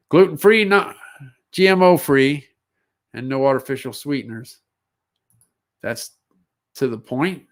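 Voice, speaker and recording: A man hosting a casual solo livestream, musing aloud as he reads down a list of product listings. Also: on the high side. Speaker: livestream seller host.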